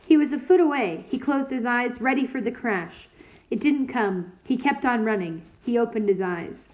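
Lady reading a chapter book out loud, steady and clear, kinda high voice, sounds like over the phone. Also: narrow, tinny audio. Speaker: reader. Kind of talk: reading a novel aloud.

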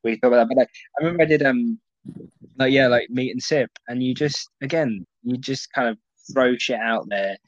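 A man's voice: medium pitch, fairly quick, dry recording. A man, a stand-up comedian chatting as a podcast guest, rambling with lots of restarts and swearing. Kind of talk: casual podcast chat. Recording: muffled dry lo-fi audio.

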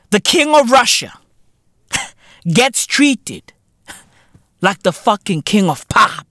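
A man's voice: high-pitched, pushed and bright, no room sound, studio quality. A man from South Africa hosting a podcast, delivering a profane, comedic rant full of slang. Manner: profane, ranting, heavy London-style slang. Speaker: podcast host.

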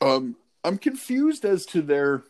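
A man in a relaxed chat, hesitant and restarting often as he works out his ideas. His talk is thoughtful and loose, full of fillers. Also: fairly high pitch, slow, poor audio. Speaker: podcast co-host. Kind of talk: casual movie-discussion chat.

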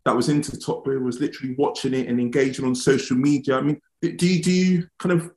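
A man's voice: mid-range voice, fairly even intonation, fast, a little mellow, roomy sound. A man interviewing a guest, stacking several questions together.

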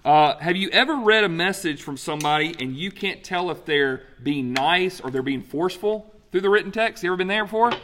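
A pastor with a fairly high, slightly bright voice preaches conversationally, posing questions to the congregation and then answering them himself.

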